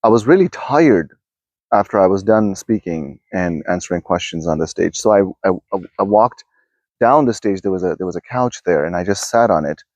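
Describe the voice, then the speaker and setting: A man's voice: low voice, animated, normal speed, a little mellow, no echo. A man hosting a self-help video, talking casually and rambling in a backyard, often restarting his sentences. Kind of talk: casual spoken musing to camera. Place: outdoors in a backyard.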